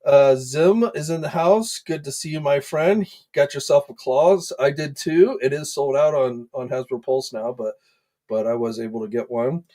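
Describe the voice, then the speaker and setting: A man hosting a casual livestream, chatting in a relaxed way with plenty of "um"s and "uh"s and greeting viewers by name. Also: mid-range voice, moderate pace. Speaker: host of an action figure news livestream. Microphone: desk microphone.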